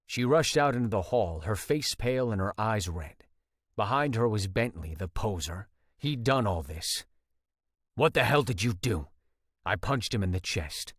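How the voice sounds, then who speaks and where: A man's voice: on the low side, expressive, a little slow, no room sound. Intense male audiobook narrator, dry sound. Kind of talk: first-person audiobook narration.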